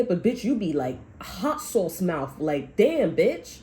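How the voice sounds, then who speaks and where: A woman's voice: on the low side, sing-song, slow, hardly any pauses, warm tone, a little hiss or hum, rough recording. A woman tarot reader delivering a blunt, heavily profane, heated rant about what spirit is telling her. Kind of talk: channeled reading rant.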